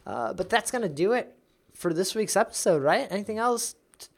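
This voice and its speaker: A man's voice: high voice, fairly quick, vocal fry. A man co-hosting a beer podcast, chatting casually and wrapping up the episode with show plugs. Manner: relaxed, plugs the show's links. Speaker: podcast co-host. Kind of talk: casual chat.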